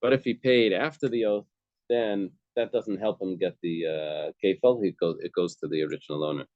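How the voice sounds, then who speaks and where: A man's voice: deep voice, fairly even intonation, normal speed, dry recording. A man teaching a Talmud class, explaining each case step by step and repeating key phrases. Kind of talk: daf yomi class explanation. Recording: dull, dry lo-fi recording.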